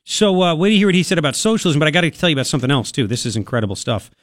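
A man hosting a talk radio show in a studio, delivering an opinionated monologue in a sarcastic, mocking, animated way. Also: on the high side, racing, dry recording. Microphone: studio microphone.

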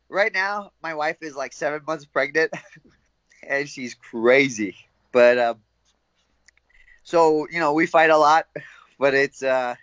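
A young man being interviewed as a fighter, laughing often and telling animated stories with quoted voices. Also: medium pitch, no echo, muffled recording. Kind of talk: casual interview chat.

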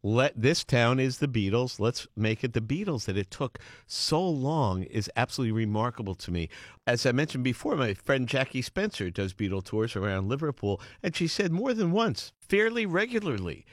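A man hosting a podcast interview, chatting casually and telling lively, enthusiastic anecdotes. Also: mid-range voice, dry recording, studio quality. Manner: enthusiastic storyteller, fast and animated. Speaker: podcast host.

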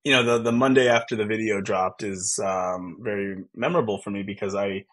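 A tech founder in his thirties, appearing as a podcast guest, speaks a little fast in a lowish voice. He tells a personal story earnestly and reflectively, with many fillers and restarts.

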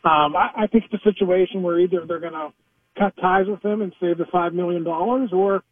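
A man, a sports reporter guest, talking in a measured, hesitant way in a radio interview over the phone. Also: high-pitched, fairly even intonation, breathy edge, no echo. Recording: tinny phone line.

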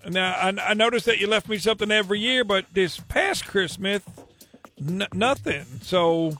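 A man's voice: high voice, normal speed, bright, forceful tone, soft background music. A male radio host putting on the voice of a chatty, nosy retired mail carrier in a prank call, rambling and hesitant. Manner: rambling, hesitant, mock-aggrieved. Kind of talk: prank phone call bit.

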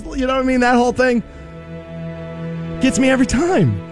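A man hosting a rock radio show, telling stories loudly and laughing at himself between promo reads. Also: sits high, moderate pace, faint music behind. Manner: animated, shouting storyteller who laughs at himself. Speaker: radio morning show host. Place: radio studio.

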